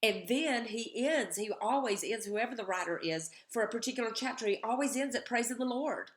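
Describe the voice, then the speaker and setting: A woman's voice: fairly high pitch, lively intonation, fairly quick. Earnest woman giving a devotional talk. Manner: earnest, reads and acts out scripture with rising emotion. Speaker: devotional speaker.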